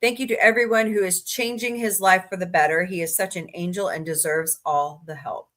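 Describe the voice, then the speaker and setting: A woman with a fairly low, steady, brisk voice that's a bit bright hosts a casual livestream. She reads good-news stories aloud with her own asides and chats to viewers, though she's tired and yawns at times.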